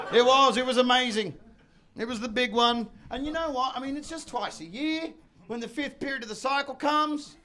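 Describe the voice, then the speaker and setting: A stand-up comedian man with a strikingly high, bright, forceful voice, working a live crowd. He talks brashly and breaks into loud shouts and mock voices to sell his bits. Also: expressive, moderate pace. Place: comedy venue with audience.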